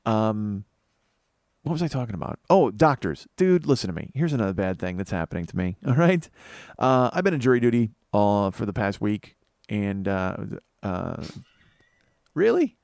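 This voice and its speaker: A man's voice: lowish voice, very animated, moderate pace, vocal fry, darkish tone, dry recording. Sleep-deprived man rambling at a mic. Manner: self-deprecating, swears a lot, restarts often. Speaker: podcast host. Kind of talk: rambling comedy podcast monologue.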